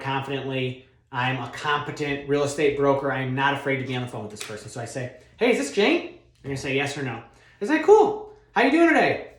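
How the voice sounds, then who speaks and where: In an echoey room, a male real estate broker of medium pitch gives an instructional talk on cold calling. Energetic and confident, he keeps it casual with lots of fillers while acting out phone scripts.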